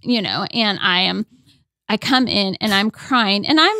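A woman guest on a podcast, telling a personal story in a casual, animated way and acting out quoted lines. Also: medium pitch, unhurried, no echo, clean studio sound.

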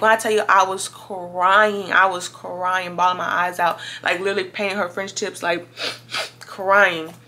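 A twenty-year-old woman from Louisiana, telling a story in a chatty, animated vlog to her viewers. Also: medium pitch. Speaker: vlogger.

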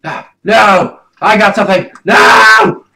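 Excitable swearing young gamer guy. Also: high voice, slow, vocal fry, low-quality recording. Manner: loud, swings between shouting and mumbling, swears a lot. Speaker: gaming YouTuber. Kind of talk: let's play commentary.

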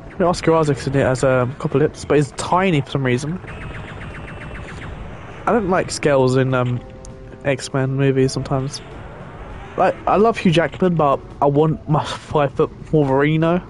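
A young gaming host offers relaxed commentary as he plays, talking with viewers and cursing here and there. His voice sits on the high side with a darkish tone.

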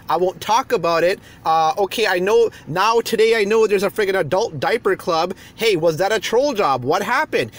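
A man's voice: high-pitched, a bit bright. A man on his YouTube channel, ranting heatedly and hurling insults from a parked car. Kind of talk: angry rant video.

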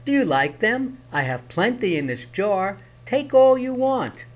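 Clever storybook hero, lively and teasing, fairly high voice, read by a man. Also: a little slow.

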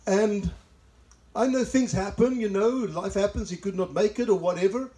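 South African male pastor, higher voice with a mellow, warm tone, chatty sermon full of asides. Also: moderate pace, rough recording. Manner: chatty, laughs at own asides. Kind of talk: sermon with personal stories. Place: church service in a greenhouse.

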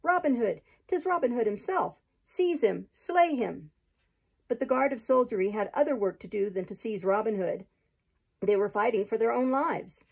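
A woman reading a chapter book aloud in a steady, expressive narrating voice. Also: on the high side, slightly rough, rough recording. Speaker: storybook reader.

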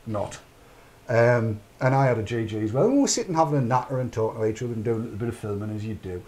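A man's voice: fairly low pitch, animated, fast, a little mellow. A middle-aged man, hosting a casual chat show in a rambling, chatty way and narrating his own actions aloud. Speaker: podcast host.

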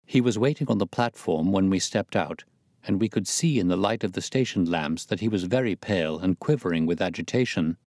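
A man reading a classic detective story aloud as scripted narration, steady and measured. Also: low-pitched, no echo, studio quality. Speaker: audiobook narrator.

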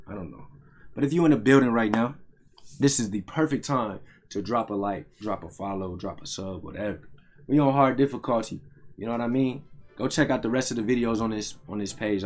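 A young man giving loud, slangy live commentary while playing a fighting game, trash-talking his opponent and swearing often. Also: medium pitch. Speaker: gaming streamer.

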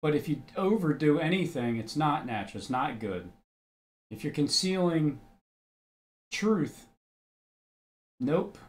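A man's voice: on the high side, lively intonation, takes it slowly, long pauses. A man giving casual religious commentary, blunt and argumentative, who swears freely and reads scripture aloud.

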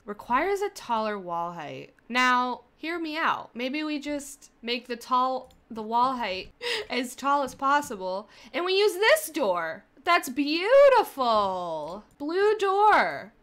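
Woman gaming creator, young adult, higher voice with bouncy swings, chatty running commentary. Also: a bit bright. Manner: chatty, thinking aloud, often laughing at herself. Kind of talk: casual gameplay commentary.

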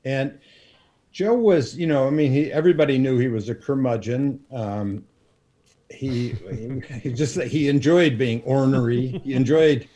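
A man in his sixties, a guest on an interview show, telling unhurried anecdotes with plenty of ums and you-knows. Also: mid-range voice, dark tone. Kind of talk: storytelling in a casual interview.

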